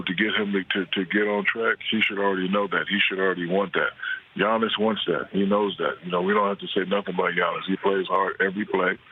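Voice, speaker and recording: A middle-aged man calling in from his home kitchen, talking in a laid-back way and repeating words while he finds his point. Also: deep voice. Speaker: guest on phone. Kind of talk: casual chat. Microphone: phone. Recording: tinny phone line with faint noise.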